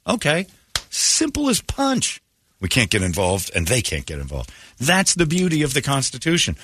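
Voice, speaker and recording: A man's voice: a little high, big pitch swings, fairly quick, fairly bright tone, no room sound. A man hosting a morning radio show, joking and rambling in casual banter at a studio microphone.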